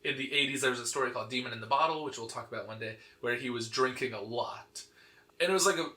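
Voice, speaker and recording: An animated man tells a comic story to a friend in loose, casual chat, dotted with fillers and laughter. His voice is bright and forceful, sitting at an ordinary pitch for a man. The recording rings with noticeable room echo. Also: quick pace. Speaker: podcast host. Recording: echoey room.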